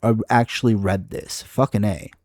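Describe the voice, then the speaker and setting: A video creator reacts to online comments in a fairly low, steady, slightly mellow voice at a moderate pace, recorded in clean studio sound with no room sound. He's exasperated and profane, rambling with frequent restarts.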